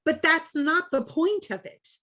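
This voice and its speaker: A woman's voice: high voice, lively intonation, a little slow, sharp tone. A woman sharing in an online lesson, speaking in an emphatic, decreeing way. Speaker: participant. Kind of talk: fervent spiritual sharing.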